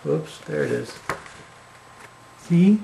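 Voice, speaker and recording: A man reading a bedtime story to his baby, gentle and affectionate. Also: a little high, expressive, takes it slowly, creaky, background noise.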